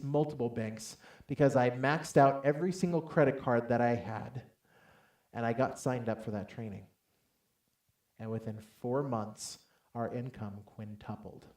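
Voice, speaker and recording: A man giving a motivational talk from a stage to a live audience, telling a personal story with lively acted-out dialogue and calling on the crowd to answer. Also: medium pitch, echoey room. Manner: animated storytelling, acts out dialogue loudly, calls for audience responses. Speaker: motivational speaker. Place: large hall on stage.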